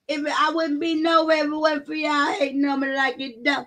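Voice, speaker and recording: A woman hosts a casual livestream from her home, talking straight into her phone to her chat. Her voice sits high and rings bright and forceful. She tells her story loudly and with lots of animation, and she swears freely as she goes. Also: little pitch movement, a little fast. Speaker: livestream host.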